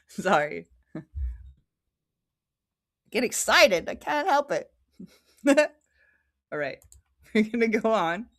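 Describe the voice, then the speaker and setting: A woman's voice: medium pitch, very animated, slow pace, pauses often, a bit bright. A woman hosting a casual livestream, reading scripture aloud with frequent giggles and chatty asides. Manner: giggly, chatty, prone to tangents.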